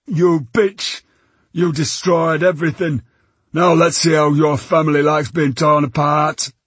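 A violent, unhinged man bursts out of an audiobook, as a male narrator puts him on, his voice thrown high and harsh. The sound is husky and dry, right at the microphone. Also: little pitch movement, measured pace, fairly bright tone, no echo. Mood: enraged. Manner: screaming then sobbing.

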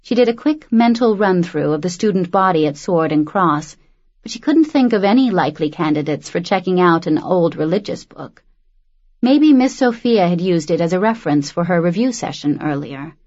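A woman narrating a novel as an audiobook, reading in a measured, steady way on a dull lo-fi recording. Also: fairly low pitch. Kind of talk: scripted narration.

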